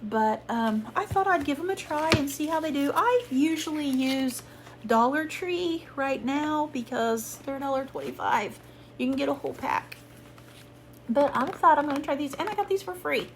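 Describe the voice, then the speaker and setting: High-voiced sick woman, hoarse and coughing. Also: animated, normal speed, a little hiss or hum. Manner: rambling, chatty, apologetic. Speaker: haul vlogger. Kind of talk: casual chat to viewers. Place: at home, sitting.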